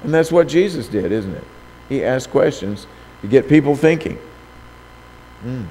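A male preacher in the middle of a sermon, throwing rhetorical questions at his listeners and calling out quoted scripture with a loud, raised voice. His voice rings with a long hall reverb, and a faint hiss sits underneath. He speaks at a middle pitch for a man. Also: lively intonation, normal speed.

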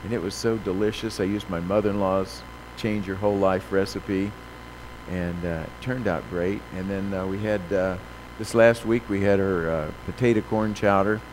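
A man preaching a sermon, reading scripture slowly and with emphasis, then telling folksy stories with many fillers. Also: low voice, fairly even intonation, noisy background. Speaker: pastor.

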